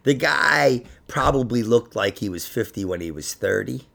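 A man in loose podcast chat whose voice swings up and down a lot. His tone is gravelly and bright, and he often laughs loudly and swears as he rambles. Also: mid-range voice, animated, normal speed. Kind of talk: casual chat.

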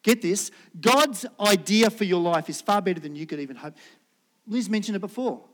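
A middle-aged male pastor preaching a sermon. He acts out prayers and God's replies, swinging from loud lines to hushed ones. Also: high-pitched, expressive, normal speed.

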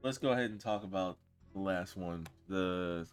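A man co-hosting a casual podcast chat, blunt and opinionated, laughing loudly and then dropping to a mutter. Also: deep voice, moderate pace, soft background music. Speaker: podcast co-host.

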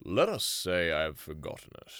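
Solemn, slow-spoken lion king with a lowish voice, played by a man doing a read-aloud. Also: huge pitch swings, fairly bright tone, no room sound, studio quality, full character voice. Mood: grave. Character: grave, wise male lion king. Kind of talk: dramatic read-aloud of a book passage.

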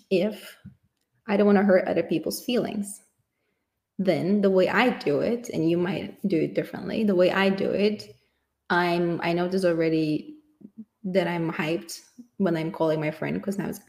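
A woman's voice: lowish voice, a little mellow. A woman speaking in an earnest, reflective personal monologue, thinking aloud as she goes. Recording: echoey room.

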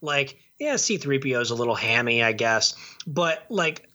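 Rambling man with a bright voice. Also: medium pitch, expressive, normal speed. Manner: rambling, with many restarts and repeated words. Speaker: podcast co-host reviewing movies. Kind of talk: casual chat.

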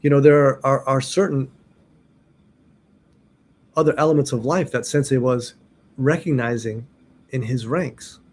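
A man's voice: medium pitch, measured pace, long pauses, darkish tone. Rambling man telling a story. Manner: rambling, many restarts and "you know", laughs at own story. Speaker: martial arts instructor. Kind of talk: casual storytelling.

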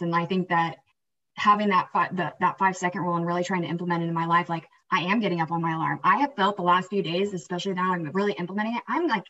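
Sex: woman. Role: podcast co-host. Style: energetic motivational chat. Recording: slightly distant, dull lo-fi. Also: medium pitch. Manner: energetic, rambling, peppered with "right?" and "like".

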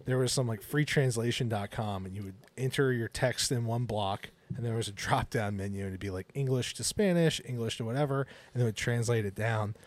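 A man's voice: medium pitch, brisk, few pauses. A man in his forties co-hosting a podcast, telling rambling stories in casual chat and laughing often. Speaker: podcast co-host.

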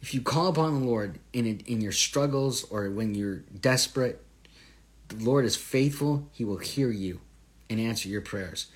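Man, host of a live Bible study; earnest, chatty teacher who asks questions and punches key verses. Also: unhurried. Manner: swells louder and higher on scripture phrases.

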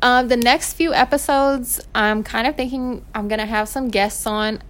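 A young woman, hosting her podcast and telling stories in a casual, animated way. She laughs often and swears freely. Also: on the high side, normal speed. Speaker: podcast host. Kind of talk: casual storytelling. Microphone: home recording setup.

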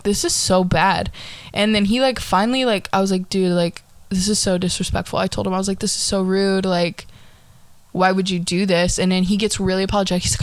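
A young woman tells a dating story to her co-host in loose, casual chat. She is animated, laughs often and swears without a second thought. Her pitch sits in the middle, and the sound is dry and close, with almost no room around it. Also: no echo. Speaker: podcast co-host.

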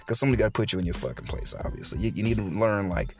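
A man's voice: fairly low pitch, lively intonation, very fast, soft background music. A man hosting a solo podcast, ranting bluntly with heavy swearing and frequent laughter. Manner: profane, blunt, laughing often; mocking quoted voices. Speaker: podcast host.

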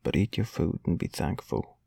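A man's voice: normal speed, a little mellow, no room sound, natural voice. A man voicing a pompous, self-important male parish beadle lecturing a child in a storybook reading.

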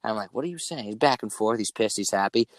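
A young man in casual chat, swearing often and telling stories with animated energy. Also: on the low side, quick pace, dry recording. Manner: swears a lot, animated storytelling.

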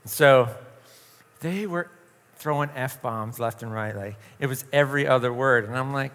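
A man's voice: mid-range voice, normal speed, a bit bright, long reverb tail. A man leading an informal youth group talk, a joking storyteller who acts out quoted voices.

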